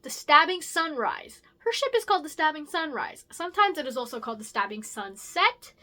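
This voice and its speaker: Chatty young woman with a bright voice. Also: a little fast. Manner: rambling, chatty, many fillers and self-corrections; lively and animated, jumps up in pitch and loudness. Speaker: creator presenting her original characters. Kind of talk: casual chat.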